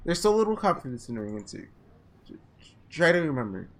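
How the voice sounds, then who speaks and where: A man with a slightly hoarse, under-the-weather voice reads a visual novel aloud with casual asides, sometimes tripping over and restarting words. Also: fairly high pitch, big pitch swings, fast talker. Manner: casual, trips and restarts words while reading. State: voice a little sick, slightly hoarse. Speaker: let's player.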